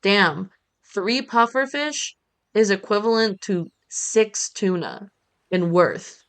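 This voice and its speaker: A woman's voice: medium pitch, lively intonation, takes it slowly. A woman streamer chatting playfully while she plays, talking to the game as she goes. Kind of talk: casual gameplay chat.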